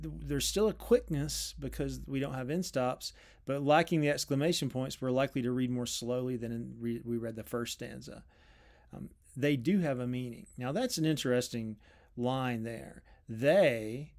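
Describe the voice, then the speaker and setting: A man's voice: mid-range voice, darkish tone. A middle-aged man giving a spoken lecture on a poem, thinking aloud with ums and small self-corrections as he reads lines out. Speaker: literature teacher.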